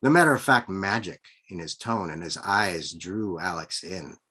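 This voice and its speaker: A man, the author, reading his own novel aloud over a video call in measured, expressive narration. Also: low voice, husky. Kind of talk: live book reading.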